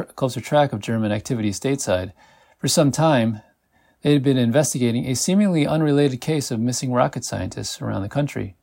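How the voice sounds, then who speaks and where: A man hosting a podcast, reading an interactive adventure story aloud in a measured way and slowing down when he speaks to the listener. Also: mid-range voice, vocal fry, a little mellow. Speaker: podcast host.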